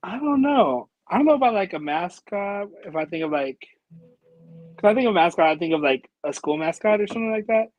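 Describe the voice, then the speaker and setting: A man's voice: sits high, lively intonation, brisk, no echo, dull audio, soft background music. A man from a band answering interview questions casually, easygoing and hedging with lots of "like". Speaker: band member guest.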